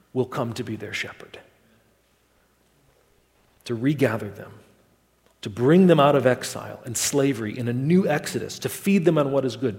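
A man preaching a sermon in a measured, emphatic way, asking rhetorical questions. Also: medium pitch. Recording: long hall reverb.

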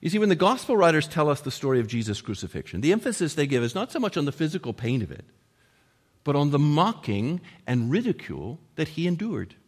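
A man preaching a sermon, earnest, raising his voice for quoted lines and dropping to a hush at the ends of points. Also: fairly high pitch, big pitch swings, fast talker, slightly rough. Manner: earnest, rising to emphatic quotes and dropping to hushed endings. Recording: long hall reverb.

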